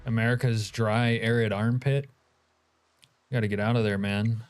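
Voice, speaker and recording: A man's voice: on the low side, fairly even intonation, normal speed, smooth, soft background music. A man streaming a game, chatting casually and joking as he reacts to his chat.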